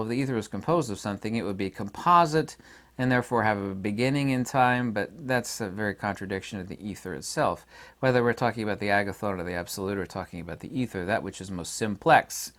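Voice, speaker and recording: A man giving an unscripted philosophy lecture, emphatic and argumentative, who repeats points for stress. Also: mid-range voice. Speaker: channel host.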